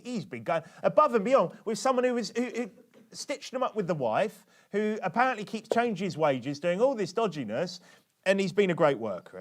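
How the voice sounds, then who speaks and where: A British preacher delivers his sermon in a relaxed, conversational way. His voice sits slightly above the usual male range, and he keeps drawing the congregation in with quick tag questions. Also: on the high side.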